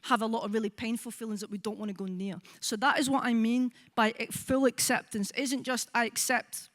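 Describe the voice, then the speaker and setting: A Scottish woman in her forties, a psychologist giving a conference talk, lively and engaging, often checking in with the audience. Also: a little high, fairly quick. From Scotland. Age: 40s. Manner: lively, asks the audience with frequent "right?" and acts out quoted voices. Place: conference hall.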